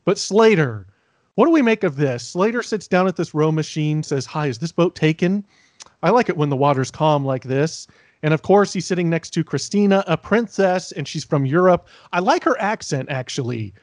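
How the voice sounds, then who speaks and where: A man's voice: a little high, animated, moderate pace, dry recording, studio quality. A man co-hosting a podcast, chatting casually about a TV episode and slipping into goofy voices when he quotes the characters. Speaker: podcast co-host. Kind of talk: casual chat recapping a TV episode.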